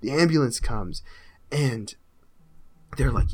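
A man's voice: lowish voice, moderate pace, crowd noise. A young man, a podcast co-host, animatedly telling a story in casual chat and quoting his friends.

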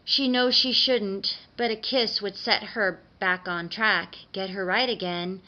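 A woman reading a dark story aloud in an expressive, dramatic way, on a dull lo-fi recording. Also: medium pitch, measured pace.

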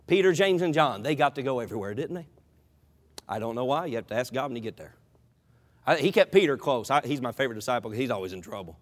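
A man preaching an animated sermon in a church, acting out Bible characters in dialogue. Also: fairly high pitch, fast. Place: church sanctuary. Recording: long reverb of a large hall.

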